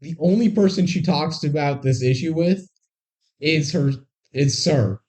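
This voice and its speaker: Low, mellow-voiced podcast guest. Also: a little slow. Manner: dry, skeptical remarks picking at plot holes. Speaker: podcast co-host. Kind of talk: casual chat about a movie.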